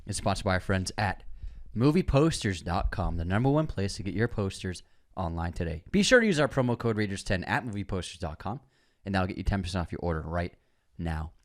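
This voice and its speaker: A man's voice: low-pitched, lively intonation, fairly quick. A man co-hosting a podcast, reading a sponsor spot with emphatic, upbeat delivery. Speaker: podcast co-host. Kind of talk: casual chat and sponsor read.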